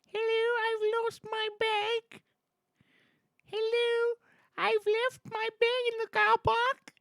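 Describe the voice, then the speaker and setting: A man putting on a very high falsetto voice as a fretful person who has lost a bag. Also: completely flat delivery, slow, gravelly, a bit bright, dry recording, clean studio sound, heavily acted.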